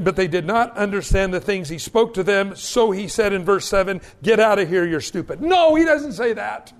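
A male pastor preaching a sermon, telling stories with self-mocking humor and stammered restarts. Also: high voice.

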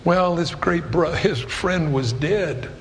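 A man's voice: a little high, slow pace, a little hiss or hum. A middle-aged man preaching a sermon in a conversational, storytelling way. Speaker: pastor. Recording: long hall reverb.

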